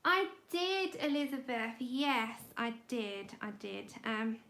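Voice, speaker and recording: A woman chatting casually to her livestream viewers while she colours, her voice sitting a little high. She breaks off to coax her dog in soft, sing-song tones, recorded at home on a phone. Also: lively intonation, slow pace. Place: home indoors.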